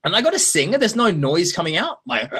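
Guy on a livestream answering fan questions, fairly high voice, goes all up and down, laughs a lot. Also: moderate pace, husky. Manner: animated, chatty, laughs often, switches into Japanese. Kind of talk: casual chat.

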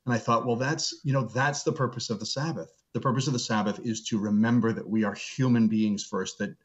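A middle-aged man, a seminary professor, speaking as an interview guest and telling stories earnestly, slowing down to stress a point. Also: medium pitch, fairly even intonation. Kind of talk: reflective interview storytelling. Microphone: video call. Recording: dull lo-fi video call audio.

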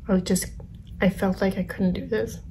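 A young woman vlogger telling a personal story in a soft, halting way that often sinks to a whisper. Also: medium pitch, level tone, a little hiss or hum.

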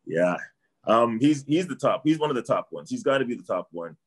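Man, middle-aged, from Canada, casual guest chat, rambling, repetitive, average pitch. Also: animated, brisk. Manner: rambling, repeats himself, trails off with "I don't know". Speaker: martial arts trainer, guest.

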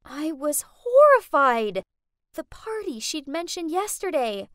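A young woman narrating a first-person animated story in a dramatic, emotional way. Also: high-pitched, takes it slowly, no room sound, clean studio sound.

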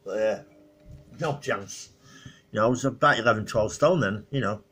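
Husky middle-aged man rambling. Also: fairly low pitch, normal speed, fairly bright tone. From northwest England. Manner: rambling, full of "you know" and "uh", laughs at his own stories. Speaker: vlogger. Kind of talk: casual rambling reminiscence.

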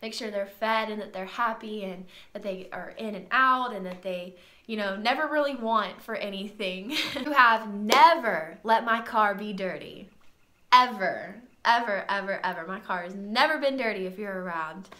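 A young woman giving a heartfelt birthday tribute to her father, reading from a list with soft laughs and a slightly tearful voice, in a sunroom at home. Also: medium pitch, moderate pace. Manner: tender, reading from notes with frequent soft laughs. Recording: roomy echo in a sunroom.

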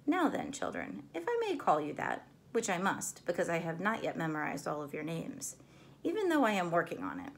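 A woman's voice: on the low side, huge pitch swings, a little fast, vocal fry, slight background noise, full character voice. Flamboyant eccentric older male game-maker, theatrical and playful, voiced by a woman reader. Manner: theatrical, playful, exaggerated showman delivery.

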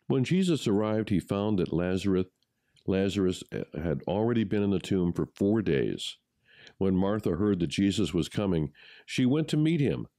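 A man reading a gospel passage aloud in a measured, solemn way. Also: on the low side, mellow, dry recording, studio quality. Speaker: gospel reader. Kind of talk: scripture reading.

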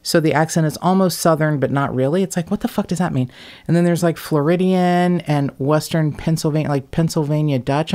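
A woman's voice: low-pitched, fairly even intonation, moderate pace, mellow. Blunt, sarcastic Midwestern woman host. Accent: Midwest General American. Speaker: podcast host. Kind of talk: casual podcast chat.

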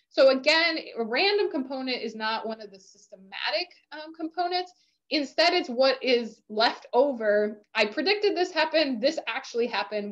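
A woman lecturer with a fairly high voice talks through course material. She leans on fillers and keeps asking "right?" as she explains. The recording sounds dull and lo-fi. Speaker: university lecturer.

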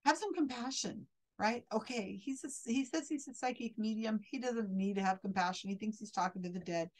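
A woman's voice: mid-range voice, a little mellow, low-quality recording. A woman commenting critically on a video clip as a skeptic, sounding indignant and often restarting her sentences.

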